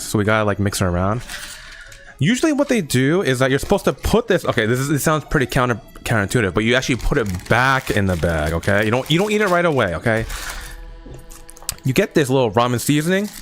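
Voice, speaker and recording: Young male streamer, animated pitch swings, rambling casual chat to viewers, faint music behind. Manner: chatty, addresses chat, rambling and playful. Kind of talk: casual live-stream snack review. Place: at a table at home.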